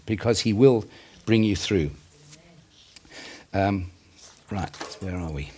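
A man's voice: mid-range voice, darkish tone. A male preacher delivers a sermon in an earnest, conversational tone, with a mid-range voice. He breaks off now and then for asides and small self-corrections, then picks the thread back up.

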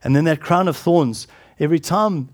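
An earnest middle-aged man preaching a sermon in a slightly higher voice. He often sinks to a hushed, solemn tone and restarts his words as he goes. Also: normal speed. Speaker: pastor.

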